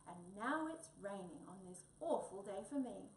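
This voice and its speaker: A woman's voice: mid-range voice, lively intonation, a little slow. A tiny bush mouse speaks in a huffy, indignant, fussy way, as a woman puts it on. The storybook voice rings through an echoey room, heard from a distance with faint noise behind.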